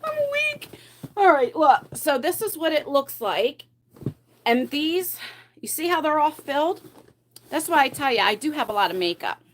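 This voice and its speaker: High-voiced chatty woman on a livestream. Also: expressive, normal speed, slight background noise. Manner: chatty, rambling, laughs often, greets viewers by name. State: a bit out of breath from carrying heavy boxes. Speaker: beauty livestream host. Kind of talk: casual live chat while decluttering makeup. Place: at home, in pajamas.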